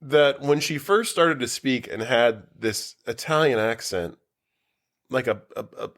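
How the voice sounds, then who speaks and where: A man chatting on a home-made podcast, recorded in a basement. His voice sits at an ordinary middle pitch and bounces with excitement, laughter and the odd curse as he riffs on a movie. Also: unhurried. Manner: animated, swears freely, laughs a lot. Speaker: podcast co-host. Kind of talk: casual podcast chat.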